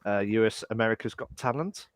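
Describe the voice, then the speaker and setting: A man's voice: fairly low pitch, fairly quick, smooth, no echo, studio quality. A man co-hosting a podcast in casual chat, playful and given to silly voices. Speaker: podcast co-host.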